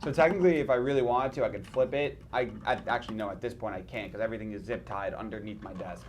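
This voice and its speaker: A man hosting a casual livestream talks fast in a lowish voice, with slight background noise. Tired after little sleep, he rambles, mocks himself and restarts often.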